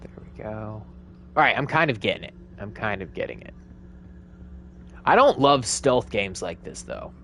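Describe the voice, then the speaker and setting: A man's voice: lowish voice, very animated, normal speed, pauses often, a bit bright, a little hiss or hum. A man chatting casually to viewers while streaming a game, upbeat and rambling. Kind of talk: live game streaming commentary.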